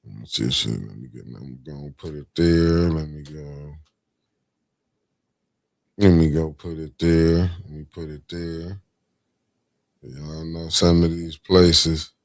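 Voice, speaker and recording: A man's voice: very deep voice, steady tone, slow pace, creaky, long pauses, no echo. A man hosting a casual live stream, greeting viewers by name and calling them family and beloved while he sets up sharing.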